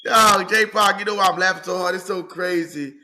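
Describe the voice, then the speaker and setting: A man's voice: high voice, fairly even intonation, normal speed, sharp tone. A male host in casual fan-show talk, teasing, laughing often and swearing.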